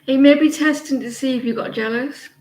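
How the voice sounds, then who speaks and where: A woman's voice: high-pitched, steady tone, a little fast, a little mellow, reverberant, low-quality recording. A British woman doing tarot readings and chatting in a rambling, gossipy way with lots of hesitations. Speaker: tarot reader. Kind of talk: casual live-stream chat.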